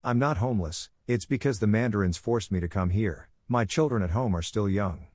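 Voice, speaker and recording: A man's voice: fairly low pitch, a little fast, a little mellow, no echo, studio quality, natural voice. A man reading a begging frightened laborer. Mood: pleading. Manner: pleading. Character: frightened blonde male laborer, a father.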